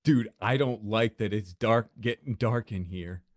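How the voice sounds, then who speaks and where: A man's voice: fairly low pitch, a little slow. A man chatting with a friend over a game, jumpy and yelping when startled. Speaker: gaming video creator. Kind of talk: gameplay chat with a friend.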